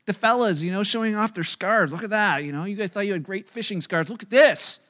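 A calm, teasing Jesus shows his scars and asks for fish, voiced by a male preacher. The voice is high for a man and stays close to the preacher's own. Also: fairly quick. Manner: playful, reassuring. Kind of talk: sermon.

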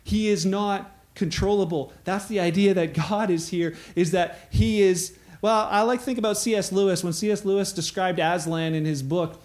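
High-voiced pastor, lively storyteller. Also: male voice, normal speed, hardly any pauses. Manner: animated storytelling, acting out quoted voices. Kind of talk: sermon.

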